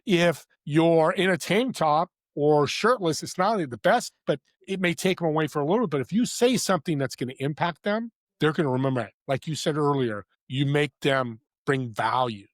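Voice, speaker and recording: An enthusiastic man telling stories as a podcast guest. His voice sits a bit high and the sound is dry and close. He talks with emphatic energy and lots of asides. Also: moderate pace, few pauses, no echo. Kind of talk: casual interview chat.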